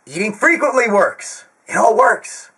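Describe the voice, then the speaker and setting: A man hosting a fitness question-and-answer video, ranting loudly and crudely with profanity and jokey asides. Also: sits high, very animated, unhurried, slightly rough, rough recording. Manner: loud, screaming, profane and brash. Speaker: host of a fitness Q&A channel. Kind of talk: ranting direct-to-camera monologue.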